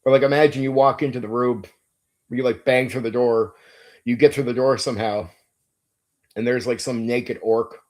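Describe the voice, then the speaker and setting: A man's voice: medium pitch, fairly even intonation, moderate pace, long pauses, darkish tone. Man, game master chatting on stream, enthusiastic, emphatic, swears a lot, repeats himself mid-thought. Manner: enthusiastic, emphatic, swears freely, repeats words while thinking. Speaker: game master and channel host. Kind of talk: casual livestream chat about running tabletop games.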